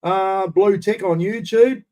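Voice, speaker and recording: Speaking slowly in a high-pitched, darkish voice, an Australian man hosts a casual livestream at home. He chats easily from his room and greets viewers by reading out their names.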